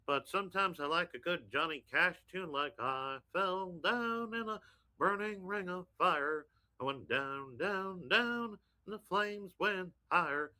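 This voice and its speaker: A folksy, middle-aged Texan cartoon dad , as a man puts him on, crooning in a twangy drawl. He sings earnestly, in a voice set higher than the performer's own. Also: brisk, hardly any pauses, bright, forceful tone, rough recording. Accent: mock Texan.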